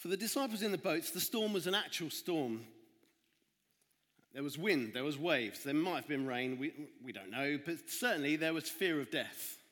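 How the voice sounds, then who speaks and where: A man with a fairly high voice, telling a Bible story to children with lively, dramatic asides. His voice rings with a long reverb in a large hall. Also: moderate pace. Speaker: children's talk leader at church. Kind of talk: children's sermon and Bible reading. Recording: echoey hall.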